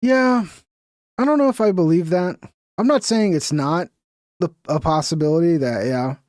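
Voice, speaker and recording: A man's voice: fairly high pitch, normal speed, a little mellow, no echo, studio quality. A man hosting a stream, chatting casually and rambling with slangy asides while reacting to clips. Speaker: streamer host.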